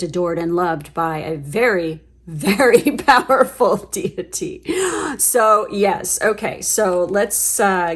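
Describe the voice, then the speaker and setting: A woman giving a casual tarot reading to her viewers, chatty and gushing, swearing freely as she gets excited. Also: on the low side. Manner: chatty, with fillers and trailing asides. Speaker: tarot reader.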